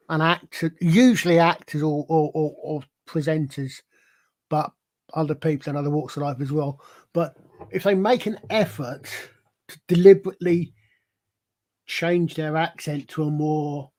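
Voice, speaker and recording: A man's voice: fairly high pitch, a little mellow. A man hosting a casual live-stream discussion, rambling with many restarts and fillers. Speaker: stream host.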